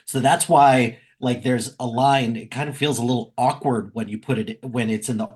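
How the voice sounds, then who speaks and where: A man's voice: mid-range voice, fairly even intonation, normal speed, few pauses, a little mellow, slightly rough. An American man, co-host of a movie podcast, chatting casually and quoting lines in mock voices. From United States. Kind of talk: casual chat.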